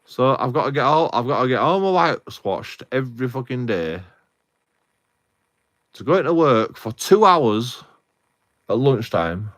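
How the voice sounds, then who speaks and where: A man's voice: medium pitch, sing-song, unhurried, pauses often, fairly bright tone. A young man, ranting casually on a live stream, rambling with heavy swearing and many restarts.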